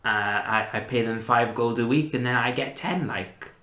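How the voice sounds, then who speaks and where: A homely, hard-working half-dwarf smith, played by a man. He speaks earnestly at middling pitch, and the room around him echoes. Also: normal speed, sharp tone, natural voice. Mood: friendly.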